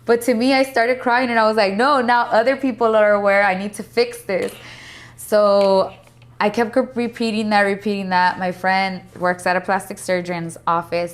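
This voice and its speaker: A woman in her late twenties chats to her followers, telling a personal story. She talks candidly and casually, swears freely and voices what other people said along the way. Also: lowish voice. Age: 20s. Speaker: vlogger.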